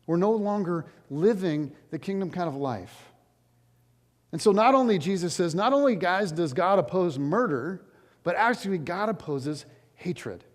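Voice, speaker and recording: Man, pastor, sermon, high voice, conversational and animated, long church reverb. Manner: animated, conversational, jokey asides. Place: large church sanctuary.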